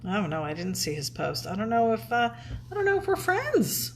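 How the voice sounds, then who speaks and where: Live-stream co-host, woman, giggly, lively pitch, faint room noise. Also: fairly quick. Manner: giggly, reads out viewer names. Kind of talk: casual live-stream banter.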